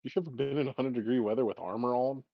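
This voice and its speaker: A man's voice: mid-range voice, rapid-fire, vocal fry, no echo. A man playing a tabletop role-playing game, talking bluntly and swearing often. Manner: profane, blunt, animated. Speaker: player. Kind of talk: casual tabletop role-play chat. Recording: dull lo-fi sound.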